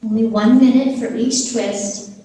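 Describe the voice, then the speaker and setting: A woman teaching a gentle yoga class, giving slow, calm, soothing cues over a live video call. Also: on the high side, slight background noise. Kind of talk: guided yoga class instruction. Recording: roomy echo from far off the mic.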